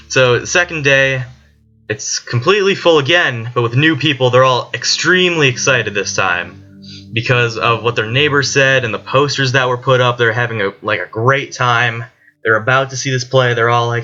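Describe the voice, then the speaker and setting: Man, casual chapter summary, lots of "like", sharp voice, dull lo-fi sound with faint music. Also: medium pitch, normal speed. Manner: rambling retelling full of "like" fillers. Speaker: student presenting a book chapter summary.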